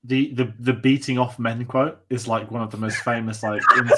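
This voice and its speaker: A man co-hosting a casual film podcast, excitable and rambling, swearing casually. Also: medium pitch, fast, hardly any pauses. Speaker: podcast co-host.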